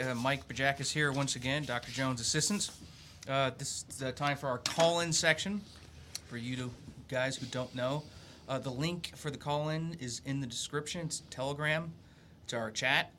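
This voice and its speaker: A man's voice: mid-range voice, bright, forceful tone, slight background noise. A man working as a livestream assistant, casually reading out call-in rules with many hesitant fillers.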